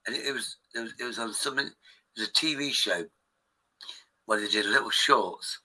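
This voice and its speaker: A man's voice: medium pitch, fairly quick, sharp tone, poor audio. A man hosting a live stream, rambling in casual chat with his viewers, swearing freely and restarting his sentences often.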